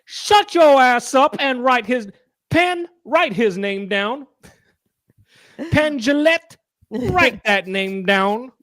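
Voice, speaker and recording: A man doing a shouted, boastful impression of a stage magician's sidekick, high and forceful. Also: expressive, takes it slowly, no echo, clean studio sound, full character voice. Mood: bossy. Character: brash loud magician sidekick, adult man.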